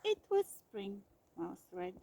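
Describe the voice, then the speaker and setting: A woman reading a children's storybook aloud with gentle, expressive narration. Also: mid-range voice, slow, vocal fry, low-quality recording.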